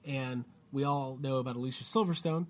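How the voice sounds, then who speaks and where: A man's voice: medium pitch, a little fast. A man hosting a casual podcast chat, loose and joking, swearing freely. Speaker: podcast host.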